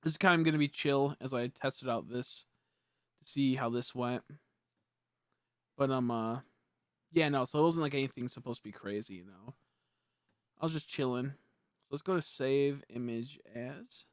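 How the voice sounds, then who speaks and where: Young male streamer, mid-pitch, dry close sound, rambling casual talk with frequent restarts. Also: moderate pace, pauses often, no room sound. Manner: rambling, self-correcting, easily frustrated. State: hiccups. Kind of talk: casual live-stream chat.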